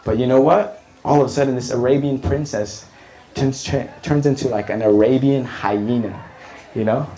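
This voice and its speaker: A man telling a comic story in an animated, profane way, often repeating lines for effect. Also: medium pitch, normal speed, low-quality recording. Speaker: comedian. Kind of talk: stand-up storytelling.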